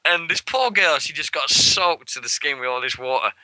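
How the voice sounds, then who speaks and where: A man co-hosting a wrestling radio show, chatting casually and excitably, swearing and acting out moments. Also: fairly high pitch, normal speed, dry recording, rough recording. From England. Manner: rambling and excitable, swears freely, acts out moments. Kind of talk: casual show recap chat. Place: radio studio.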